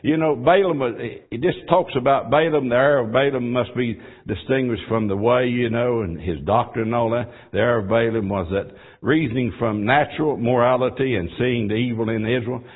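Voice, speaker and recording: A man's voice: medium pitch, fairly quick, few pauses. Fervent preacher man, tinny audio. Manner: fervent preaching that swings from quiet asides to shouted exhortation. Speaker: pastor. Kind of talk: sermon.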